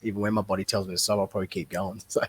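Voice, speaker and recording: A man's voice: low voice, rapid-fire, husky. A man, a wrestler talking casually as a podcast guest, rambling and laughing easily. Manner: relaxed, rambling, laughs often.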